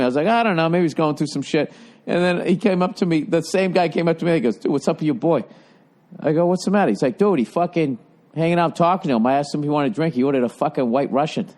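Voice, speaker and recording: A man's voice: on the high side, quick pace. A man from Boston, in his fifties, telling blunt, profane stories in casual podcast chat, acting out the people he quotes. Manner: blunt, profane storytelling with animated quoted voices. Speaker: podcast host.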